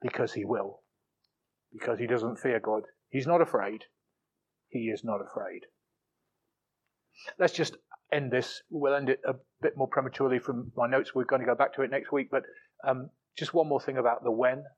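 A man preaching a sermon, emphatic, swinging between forceful peaks and low asides, often repeating words as he restarts phrases. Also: steady tone, normal speed, pauses often, breathy edge, highs cut off.

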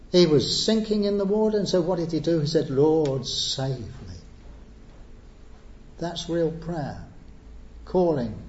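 A man's voice: a little high, a little mellow, a little hiss or hum. A man preaching an evangelistic sermon, earnest and pleading, building to emphatic appeals. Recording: echoey muffled church recording.

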